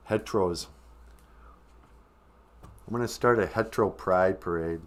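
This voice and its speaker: A man's voice: on the low side, a little slow, long pauses. A man hosting a comic live-stream podcast, teaching language phrases in a joking, self-mocking way. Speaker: podcast host teaching Ojibwe.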